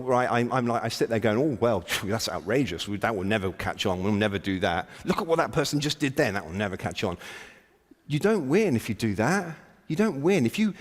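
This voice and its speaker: A man's voice: on the high side, darkish tone. A middle-aged man giving a blunt, provocative and self-mocking opening keynote to a conference audience. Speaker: conference speaker. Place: large conference hall. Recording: long hall reverb.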